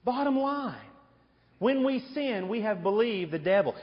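A male pastor with a fairly high voice preaches emphatically, hammering points with repeated questions. His voice rings through a church hall with long reverb, and the recording sounds dull and lo-fi. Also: very animated, measured pace, slightly rough. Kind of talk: sermon.

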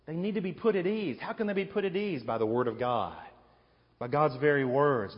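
A male pastor with a fairly high voice preaches emphatically, hammering points with repeated questions. His voice rings through a church hall with long reverb, and the recording sounds dull and lo-fi. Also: fairly quick, slightly rough. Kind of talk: sermon.

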